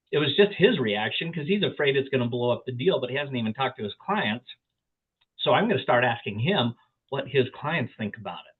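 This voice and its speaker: A man teaching a negotiation class in an animated way, often repeating words and asking rhetorical questions. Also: mid-range voice, breathy edge. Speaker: real estate trainer. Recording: tinny phone-like audio.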